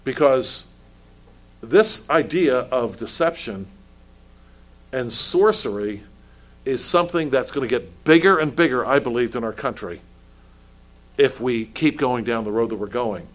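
A man's voice: medium pitch, expressive, measured pace, pauses often. A male pastor preaching a sermon, asking pointed rhetorical questions and stumbling over restarts as he builds his points.

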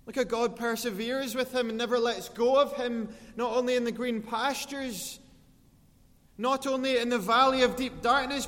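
A man preaching a sermon to his congregation, earnest, slowing and swelling as he quotes scripture. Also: very high-pitched, a bit bright, big-room sound. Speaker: pastor.

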